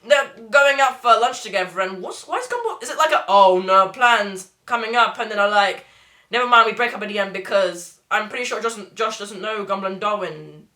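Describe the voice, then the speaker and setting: A woman's voice: mid-range voice, sharp tone. A woman hosting a casual reaction video, rambling and laughing often.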